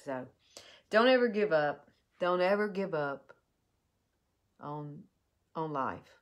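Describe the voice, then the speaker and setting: A woman tells a heartfelt personal story while doing a makeup tutorial, in an earnest, halting way. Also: low-pitched, lively intonation. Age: 50s. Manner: earnest and heartfelt, with halting restarts and soft drop-offs. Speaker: beauty vlogger.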